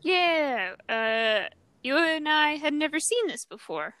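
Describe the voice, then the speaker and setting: A woman's voice: sits high, very animated, slow, sharp tone. A woman co-hosting a podcast, playful and teasing in casual chat. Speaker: podcast co-host.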